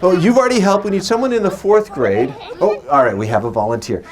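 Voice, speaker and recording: A man's voice: sits high, expressive, quick pace, a crowd in the background. A man in his forties performing as a magician. He uses a stage microphone and mixes playful stories with teasing banter with his audience. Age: 40s. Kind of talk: live stage patter with storytelling.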